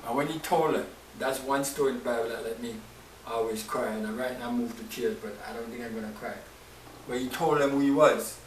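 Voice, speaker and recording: A man's voice: mid-range voice, a little fast, far from the mic. Brief: male preacher, storytelling sermon, roomy sound with faint hiss. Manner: expressive storytelling, acts out emotions.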